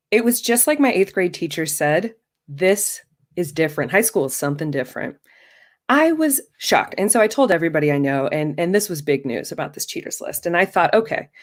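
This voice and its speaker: A woman in her thirties telling a true first-person story live, in a wry, self-mocking, conversational way. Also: on the low side.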